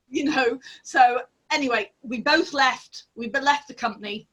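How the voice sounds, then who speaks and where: A middle-aged woman, a former ballet dancer, telling animated anecdotes on a video call with laughter and fillers. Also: a little high, normal speed, slightly rough. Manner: lively, laughing storyteller with many fillers.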